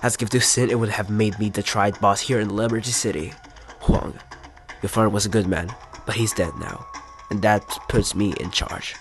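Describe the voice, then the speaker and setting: A man's voice: on the low side, steady tone, normal speed, music in the background, lightly acted. A man reading game dialogue aloud in a put-on British accent, voicing a stern, scheming older crime-family uncle in a stiff, formal way.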